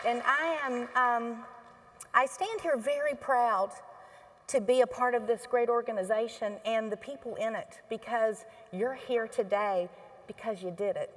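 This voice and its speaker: A middle-aged woman speaking on stage to an audience, emotional and halting, often restarting her sentences. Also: a little high, fairly bright tone, in a large hall. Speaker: healthcare association board chair. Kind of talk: onstage talk to an audience. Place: stage in a large hall.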